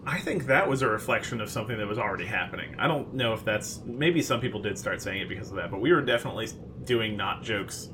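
Man, lowish voice, faint background noise, chatty podcast talk with restarts. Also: expressive. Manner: chatty, halting restarts, opinionated. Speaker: podcast co-host. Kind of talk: casual chat.

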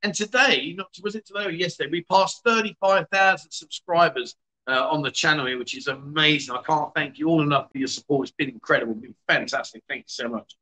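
A man's voice: a little high, a little fast, sharp tone, rough recording. A man hosting a casual livestream, hungover, greeting viewers by name in a chatty, self-mocking way. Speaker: livestream host.

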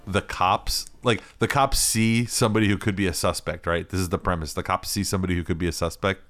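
A man's voice: deep voice, fairly even intonation, quick pace, a bit bright. A man co-hosting a podcast, telling a story in a rambling way, laughing often and swearing freely. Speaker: podcast co-host. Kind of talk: casual chat.

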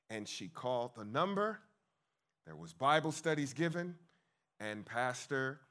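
A man preaching a lively sermon, emphatic and calling out to his congregation. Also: on the high side. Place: church hall with congregation.

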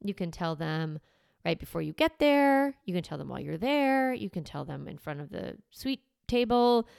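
A woman's voice: lowish voice, very animated, moderate pace, gravelly, darkish tone, smooth, no echo, clean studio sound. A woman, likely in her thirties, casually giving parenting advice and acting out what a parent might say to a child. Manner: conversational, acts out what parents say to kids. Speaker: parenting coach.

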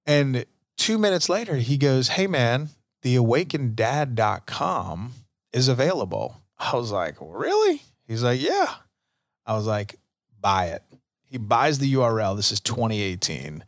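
A man's voice: medium pitch, expressive, normal speed, dry recording, studio quality. A middle-aged man hosting a podcast, telling a personal story in a casual, earnest way with many fillers. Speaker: podcast host.

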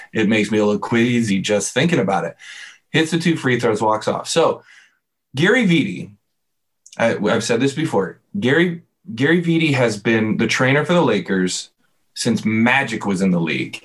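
A man in casual sports chat, animatedly retelling a game play by play. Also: fairly low pitch. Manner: animated storyteller, replays moments play by play.

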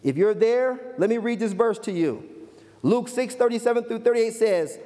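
A man preaching a sermon who repeats key phrases slowly and asks the audience questions. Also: extremely high pitch, expressive, warm tone, in a large hall. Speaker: minister.

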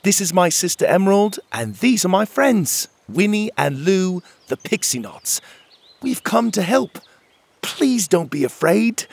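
A man's voice: mid-range voice, huge pitch swings, moderate pace, hardly any pauses, husky, full character voice. A man voicing a cheerful young male fairy hero who speaks in a friendly, coaxing way.

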